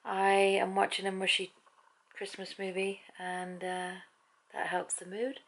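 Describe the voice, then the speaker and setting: A woman's voice: fairly low pitch, flat delivery, a little slow, vocal fry, low-quality recording. A middle-aged British woman chatting candidly to her viewers at home in a daily vlog. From Britain. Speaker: vlogger. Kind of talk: casual daily vlog chat.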